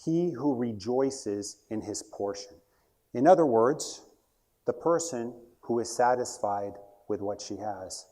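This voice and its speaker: A man's voice: medium pitch, expressive, slow, warm tone. A middle-aged man giving a short talk, telling a story with asides.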